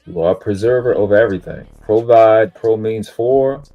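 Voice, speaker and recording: A man's voice: on the low side, moderate pace, highs cut off, soft background music. A man on a live stream lecturing about spiritual teachings in an emphatic, preachy way, swearing casually and boasting about himself. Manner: self-aggrandizing, spiritual teaching tone. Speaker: panel speaker on a live stream.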